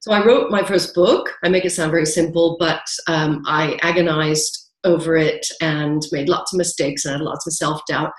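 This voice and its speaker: A woman's voice: low voice, fairly even intonation, normal speed, hardly any pauses. Chatty woman guest in an echoey room. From New York, raised partly in the US and then the UK. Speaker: interview guest, author and coach. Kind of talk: casual video interview.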